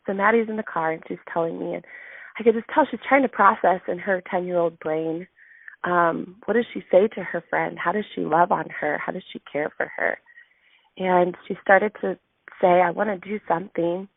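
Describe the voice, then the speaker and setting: A woman's voice: lowish voice, fairly even intonation, moderate pace, vocal fry, no echo. A woman in her thirties telling a heartfelt story in a motivational talk, emotional and full of ums. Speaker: sales team leader giving a weekly message. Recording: tinny phone-line sound.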